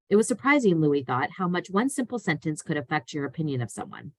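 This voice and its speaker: A woman reading a children's novel aloud in a plain, steady way, with small slips. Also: lowish voice, moderate pace, no room sound, low-quality recording. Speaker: reader.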